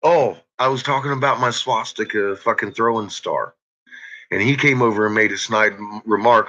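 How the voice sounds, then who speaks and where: A man rambling to his viewers on a live stream, with a bright, sharp tone and a pitch that swings widely. He swears constantly. The audio sounds dull and lo-fi. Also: very animated, moderate pace, creaky. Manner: profane, rambling, heavy cursing. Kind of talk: casual live-stream chat. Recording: dull lo-fi recording.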